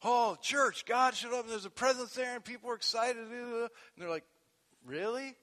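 A male pastor preaching a sermon, animated, swinging from soft conversational asides to loud emphatic peaks. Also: extremely high pitch, normal speed. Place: church sanctuary. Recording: long echo of a large hall.

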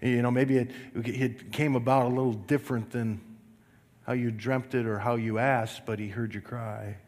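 A man preaching a sermon, slow and emphatic, calling on the congregation to repeat lines after him. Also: mid-range voice, fairly even intonation, darkish tone. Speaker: pastor. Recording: long reverb of a large hall.

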